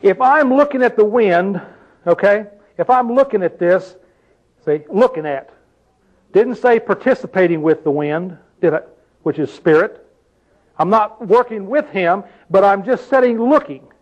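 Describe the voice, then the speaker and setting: An older male preacher with a high voice delivers a sermon in a loose, conversational way and keeps asking his listeners questions. The recording is dull and lo-fi. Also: lively intonation, a little slow.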